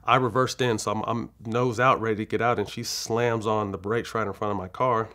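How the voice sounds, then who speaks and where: A man's voice: lowish voice, steady tone, brisk, bright, forceful tone. A man from California, a guest in an interview, telling a long personal story frankly and with profanity, acting out the dialogue as he goes. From California, USA. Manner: rambling, with frequent restarts.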